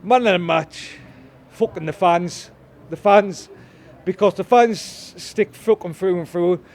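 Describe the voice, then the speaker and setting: A man's voice: high voice, unhurried, a little mellow. A man from Sunderland with a Sunderland accent, giving an angry, swear-filled street interview as a football fan and repeating himself often. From Sunderland, England. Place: outdoors in a town centre.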